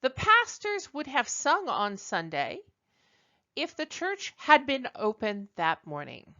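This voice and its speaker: In a chatty slide lecture, a woman teaches French, sometimes correcting herself and switching into French to read example sentences aloud. Her voice is fairly high and sharp, its pitch swooping wildly as she speaks slowly. The audio sounds dull.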